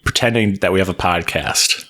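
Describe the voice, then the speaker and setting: Male co-host, low voice, loose joking chat, frequent laughter. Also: normal speed, sharp tone. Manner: joking, rambling, laughs often. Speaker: podcast co-host. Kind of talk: casual chat.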